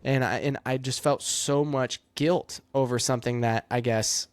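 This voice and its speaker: A man's voice: mid-range voice, fairly even intonation, moderate pace, clean tone, dry recording. A young man, a race car driver, telling a personal story in a casual, reflective way with lots of fillers. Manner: reflective, rambling with many fillers.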